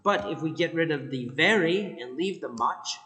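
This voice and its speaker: A man teaching English grammar, explaining slowly and deliberately and repeating example sentences. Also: a little high, lively intonation, pushed and bright. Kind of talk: grammar lesson.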